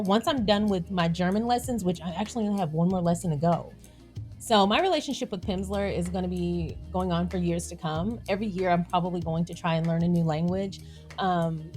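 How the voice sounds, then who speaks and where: A woman with a Southern country accent, hosting a casual vlog in a chatty, animated way, with soft music playing behind her. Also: fairly low pitch. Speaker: YouTube channel host.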